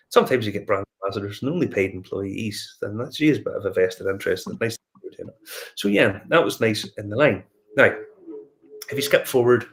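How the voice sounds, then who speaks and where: With a fairly low-pitched, fairly bright voice, this man from Northern Ireland hosts a whiskey review show. Chatting casually, he spins a rambling anecdote packed with fillers and restarts.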